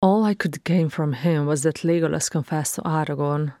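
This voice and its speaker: A woman reading a flat, sarcastic dwarf. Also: low voice, moderate pace, no room sound, studio quality. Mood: glum. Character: sardonic male dwarf, weary younger brother. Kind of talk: audiobook fan fiction reading.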